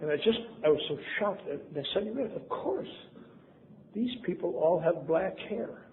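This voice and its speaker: A Wisconsin man in his seventies gives a convention talk, telling stories in a wry, self-mocking way and acting out quoted voices. He has a high voice with lively intonation and speaks at a normal speed. The lo-fi tape recording sounds phone-like, with faint hiss.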